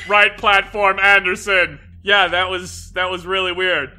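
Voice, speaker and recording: Bright, high, animated joking man. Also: measured pace. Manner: goofy, joking, often bursting into laughs and shouts. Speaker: let's play host. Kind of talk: comedic gameplay commentary.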